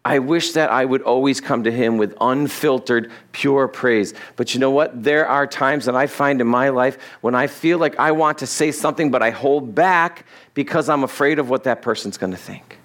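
A man's voice: medium pitch, normal speed, few pauses. Conversational male pastor preaching. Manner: conversational, animated, laughs at his own asides. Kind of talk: expository sermon. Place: church sanctuary.

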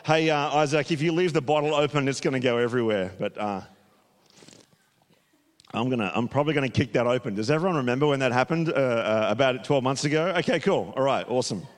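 A man preaching a casual, chatty sermon as executive pastor, upbeat, with many fillers and a slightly hoarse voice. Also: medium pitch, quick pace. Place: church auditorium. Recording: long hall reverb.

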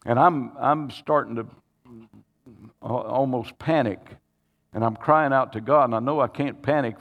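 A pastor telling a personal story in a sermon, earnest and halting, with frequent restarts that build to emotional pleading. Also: male voice, medium pitch, fairly bright tone, long reverb tail. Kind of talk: sermon testimony.

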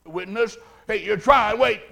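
Gravelly preacher man, high voice. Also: unhurried. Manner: dramatic, swings from hushed to shouting. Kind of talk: sermon with storytelling.

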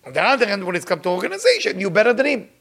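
An older man giving an emphatic sermon to his followers, repeating phrases and jumping to sudden high exclamations. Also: wildly swooping pitch, very fast, a bit bright. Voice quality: non-native grammar. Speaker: spiritual teacher.

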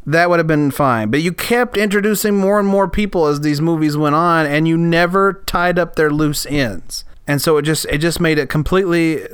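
A man's voice: on the high side, moderate pace, hardly any pauses, a bit bright, clean tone, no echo, studio quality. A man hosting a casual podcast, rambling through a film review with lots of fillers. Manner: rambling, filler-heavy, laughs easily. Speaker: podcast host.

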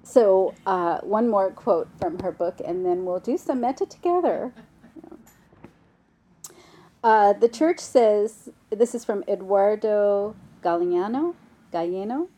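A woman meditation teacher with a mid-range voice gives a gentle, unhurried dharma talk, sprinkled with soft laughs and fillers.

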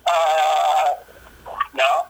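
A man's voice: fairly high pitch, little pitch movement, extremely slow, vocal fry, background noise. A man calling in by phone from his truck, playful and joking. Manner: playful, laughing banter. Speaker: caller. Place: in a moving truck. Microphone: phone call.

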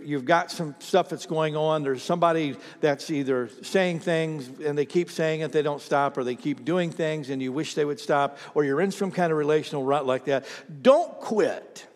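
A man preaching a sermon, telling stories with acted-out voices and calling on the congregation to respond. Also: a little high. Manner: animated storytelling, acts out voices, asks the congregation to respond. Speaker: pastor. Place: church hall with congregation. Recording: reverberant hall.

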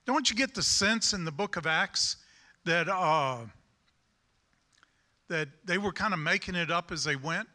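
Southern man preaching, high and very bright voice, folksy and rambling. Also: a little slow, long pauses. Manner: folksy, rambling, with self-deprecating humor. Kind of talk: sermon.

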